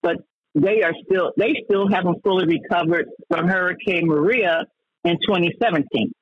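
A radio talk host, a man with a high, husky voice, rants heatedly and trips over his own restarts. The broadcast sounds dull and lo-fi. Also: normal speed. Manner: heated and ranting, with many stammered restarts.

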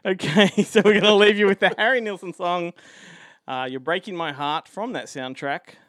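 A man in a podcast chat, his voice sitting a touch high and recorded dry and close with no room around it. He jokes crudely and laughs often as he runs the show's sign-off. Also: moderate pace, fairly bright tone, dry recording. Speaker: podcast co-host. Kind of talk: casual chat.

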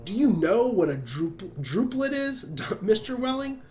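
A man's voice: a little high, animated, a little slow, darkish tone. A man reading the part of a pompous elderly male doctor who lectures emphatically. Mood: lecturing.

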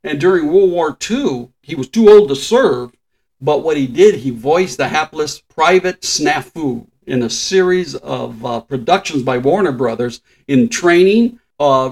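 A man's voice: fairly high pitch, normal speed, a little mellow, rough recording. An older man in casual podcast chat, telling trivia stories with frequent chuckles. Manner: chatty storyteller, shares trivia, chuckles often. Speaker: podcast co-host.

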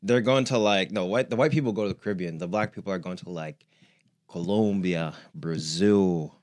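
A man's voice: sits low, normal speed, a little mellow. A man co-hosting a podcast in laid-back casual chat, chuckling and sitting back from the mic. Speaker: podcast co-host.

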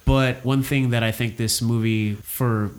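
A man's voice: medium pitch, fairly even intonation, a little slow, a little mellow. A man co-hosting a casual film discussion, talking in an opinionated, conversational way with frequent fillers and restarts. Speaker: podcast co-host discussing a film.

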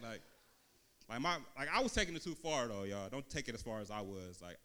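A man with a Bay Area accent doing a stand-up comedy set on a club stage, telling loose, slangy stories and slipping into quick quoted voices. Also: medium pitch, expressive, sharp tone. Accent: Bay Area Californian. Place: comedy club stage before a live audience.

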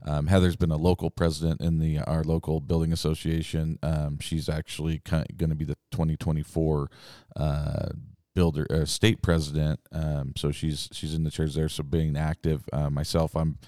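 A podcast host speaks in an extremely low, dark and mellow voice. He chats easily with his guests and laughs along. The sound is dry and close. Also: moderate pace, no echo. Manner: relaxed, conversational, laughs along. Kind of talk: casual podcast chat.

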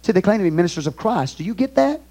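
A pastor with a Texan accent preaching a fervent sermon in a church, reading scripture aloud and swinging between booming and hushed delivery. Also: male voice, sing-song, racing. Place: church sanctuary.

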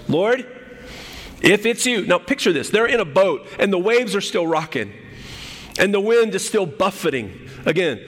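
Animated preacher in a reverberant hall. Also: male voice, a little high. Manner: animated storytelling, repeats words, restarts. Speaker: pastor. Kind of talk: sermon.

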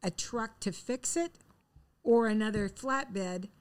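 A woman's voice: medium pitch, takes it slowly, clear, resonant tone. A middle-aged woman telling a long funny story in casual chat. She laughs often and acts out the dialogue.

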